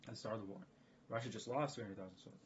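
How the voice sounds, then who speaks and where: Fast-rambling man on lo-fi stream. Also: on the low side. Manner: rapid, rambling, repeats himself, emphatic. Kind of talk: casual live-stream monologue. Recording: dull lo-fi stream audio with faint background noise.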